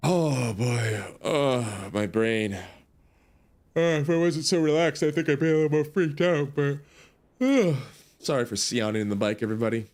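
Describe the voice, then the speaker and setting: A man's voice: medium pitch, moderate pace. Sleepy, rambling male streamer. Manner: sleepy, relaxed, rambling with fillers. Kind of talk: casual let's-play commentary.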